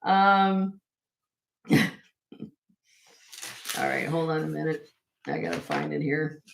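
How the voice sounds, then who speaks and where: A woman's voice: deep voice, very animated, slow pace, creaky, noisy background. A woman hosting a casual live-stream jewelry sale, chatty and self-correcting, laughing often as she shows pieces to viewers.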